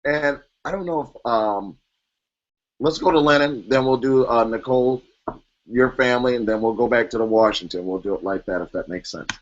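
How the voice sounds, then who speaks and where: A man's voice: mid-range voice, normal speed. A man moderating an online panel in a casual, chatty way, joking and laughing often. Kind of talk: casual video-call chat. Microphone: video call. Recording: dull lo-fi video call audio.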